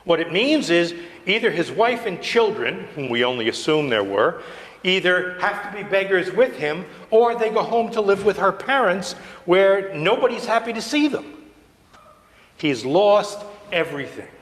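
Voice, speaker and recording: A man's voice: sits high, lively intonation, moderate pace, fairly bright tone. A male priest giving a sermon in a conversational, storytelling way, sometimes dropping to a near whisper. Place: church sanctuary. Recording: long church reverb.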